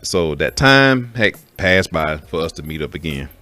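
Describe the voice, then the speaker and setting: A man's voice: low voice, animated, normal speed, pushed and bright, no room sound, soft background music. A man telling a personal story in a candid, profane way, speaking straight to his listeners as folks. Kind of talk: casual spoken story.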